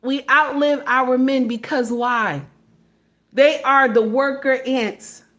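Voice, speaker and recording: A woman's voice: high-pitched, steady tone, slow pace, a bit bright. A woman giving a preachy commentary monologue, firing rhetorical questions at her listeners and calling them her sisters. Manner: emphatic, asks rhetorical questions of her audience; addresses listeners as sisters, sermon-like. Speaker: online commentator.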